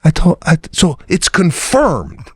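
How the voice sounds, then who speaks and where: Middle-aged man, podcast co-host, animated pitch, dry close sound, venting. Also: slow pace, breathy edge, dry recording. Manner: exasperated venting, acts out quotes. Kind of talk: casual chat.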